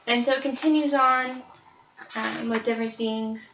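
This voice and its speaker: A woman's voice: fairly high pitch, fairly even intonation, normal speed, sharp tone, distant mic, a little hiss or hum. A young woman casually presenting children's books, with frequent ums. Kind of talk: book review presentation. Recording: roomy, slightly dull recording.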